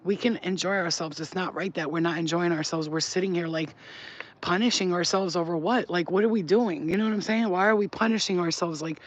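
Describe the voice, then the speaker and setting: A man's voice: high voice, a little fast, rough recording. A man who works as a spiritual healer, chatting casually on a live stream. He talks in a loose, slangy and profane way and reads viewer comments aloud. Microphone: phone.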